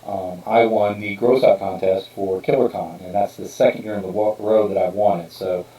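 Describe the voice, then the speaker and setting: Deep-voiced man talking in an echoey room. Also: fairly even intonation, normal speed, warm tone, far from the mic. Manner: rambling, many fillers and restarts. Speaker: podcast host and author. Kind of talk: casual podcast talk. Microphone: streamed podcast mic.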